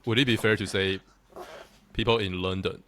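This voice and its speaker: A man's voice: low-pitched, steady tone, normal speed, fairly bright tone, slight background noise. A man hosting a casual interview, asking easy questions with short reactions. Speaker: interviewer, channel host.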